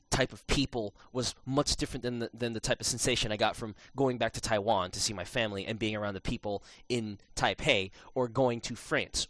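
Fast, bright-voiced man telling a story. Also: mid-range voice, dry recording. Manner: animated storytelling with many restarts and fillers. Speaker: podcast host. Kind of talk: casual podcast chat.

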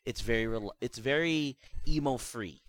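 A man's voice: moderate pace, dry recording. A man chatting casually about video games as a podcast co-host, rambling with lots of restarts and filler words. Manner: rambling, many restarts and "like", animated pitch swings.

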